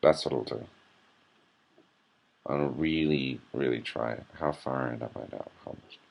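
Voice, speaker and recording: A man's voice: a bass voice, measured pace, gravelly. A hungover man giving an irritable, swearing running commentary as a vlogger. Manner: irritable, swearing, sighing rant.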